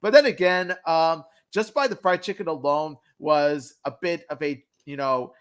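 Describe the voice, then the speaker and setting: A man with a slightly higher voice co-hosts a cartoon review stream. He chats loosely and gives firm opinions, and his talk is full of fillers. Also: moderate pace, fairly bright tone, clean tone. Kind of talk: casual review chat.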